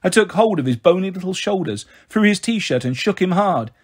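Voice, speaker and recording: A man reads a story aloud with a steady, expressive delivery. His voice is fairly high for a man and has a husky grain to it. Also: moderate pace. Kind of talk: audiobook reading.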